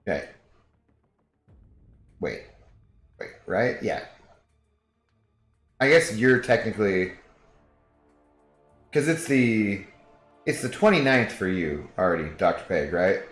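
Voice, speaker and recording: A man's voice: lowish voice, sing-song, slow pace, long pauses, reverberant, soft background music. A man streaming a video game, chatting casually and jokingly with viewers and reading their messages aloud.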